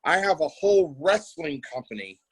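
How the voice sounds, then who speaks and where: A middle-aged podcast host tells wrestling stories in a casual chat, repeating himself and swearing. His voice is fairly high and sing-song with a breathy edge, at a moderate pace, on a low-quality recording.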